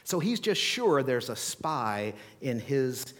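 Animated storytelling pastor in a big hall. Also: male voice, medium pitch, slow pace. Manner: animated storytelling, acts out scenes, playful asides. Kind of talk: sermon. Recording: long hall reverb.

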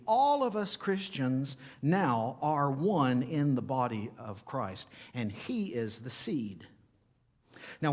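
A man's voice: medium pitch, highs cut off. A man with a foreign accent preaching a sermon. He keeps asking his listeners questions and then answering them himself. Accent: non-native English. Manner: animated, asks the congregation questions and answers them.

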